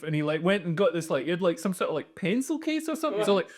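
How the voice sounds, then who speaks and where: A man's voice: sits high, animated, fast, dry recording, studio quality. A man co-hosting a comedy podcast, telling a rambling story full of "like" and "you know". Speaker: podcast co-host.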